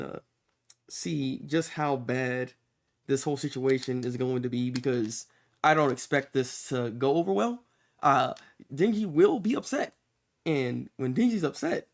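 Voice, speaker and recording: A man streaming a live reaction to a new comic chapter, excitable and exclamatory, with casual swearing and lots of restarts. He is recording in an untreated room with some echo. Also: a little high, gravelly.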